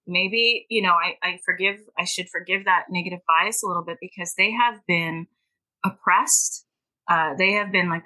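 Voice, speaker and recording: A woman's voice: on the low side, bright, forceful tone, rough recording. A middle-aged woman from Canada, a guest author on a podcast, telling stories animatedly, laughing often and acting out the people she quotes. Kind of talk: podcast interview.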